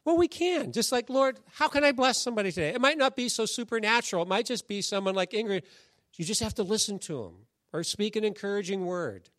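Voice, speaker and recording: A male pastor delivering a casual, story-filled sermon, his voice sitting a little higher than most men's. The sound is dry and close, with almost no room around it, and he slips into the voices of the people in his stories as he goes. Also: animated, fairly quick, a bit bright, no room sound. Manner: conversational storytelling, acts out quoted voices. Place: church sanctuary.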